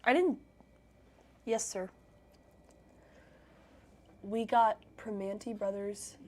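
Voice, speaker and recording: A woman's voice: medium pitch, steady tone, extremely slow, warm tone. A woman chatting on a live stream, playful and teasing as she bickers back. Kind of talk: bickering livestream chat.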